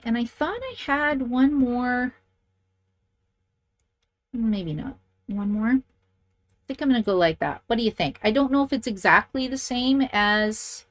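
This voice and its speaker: A middle-aged woman demonstrating card making, chatty and enthusiastic, thinking aloud as she works. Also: on the high side. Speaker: papercraft demonstrator. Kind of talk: casual crafting tutorial.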